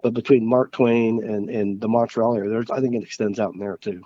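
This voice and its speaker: A man from Missouri, a guest on an interview podcast, recounting experiences in a halting, earnest way with frequent restarts. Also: fairly low pitch, steady tone, warm tone, no room sound, muffled recording. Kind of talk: casual interview chat.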